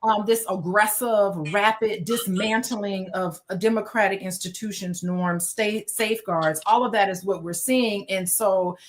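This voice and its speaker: A woman guest on a panel, explaining ideas in a measured, lecturing way, with occasional fillers. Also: mid-range voice, steady tone.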